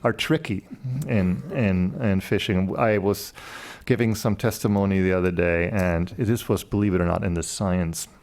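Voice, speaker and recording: A man's voice: low-pitched, steady tone, normal speed, a little mellow. A man on a panel explaining a point and telling anecdotes, often checking in with a tag question. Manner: tells anecdotes. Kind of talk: panel discussion answer.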